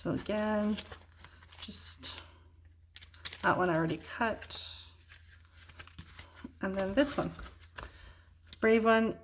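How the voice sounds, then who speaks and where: A tired woman casually showing her artwork and journals in a vlog, talking in a relaxed, rambling way. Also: medium pitch, slow pace, pauses often, slight background noise. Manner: relaxed, rambling, soft-spoken with yawns. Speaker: junk journal artist. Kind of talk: casual show-and-tell vlog.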